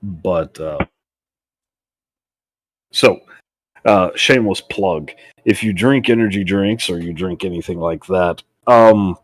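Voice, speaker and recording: A man's voice: deep voice, slow pace, pauses often, no echo. A man chatting casually as a co-host, telling laid-back stories and swearing now and then. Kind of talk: casual chat.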